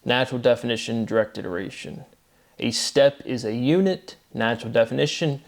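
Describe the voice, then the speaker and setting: A man talking through a solo lecture at a middle pitch. He circles back to the same phrases with insistent emphasis and peppers his talk with "um" and "right?". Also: fairly quick, vocal fry. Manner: filler-heavy with frequent "right?" and "um". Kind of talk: unscripted solo monologue.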